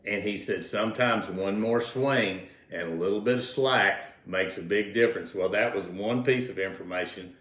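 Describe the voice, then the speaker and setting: A man's voice: on the low side, normal speed, few pauses, fairly bright tone. An older man, telling folksy rodeo stories as an interview guest, repeating words as he goes. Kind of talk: casual storytelling. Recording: roomy echo.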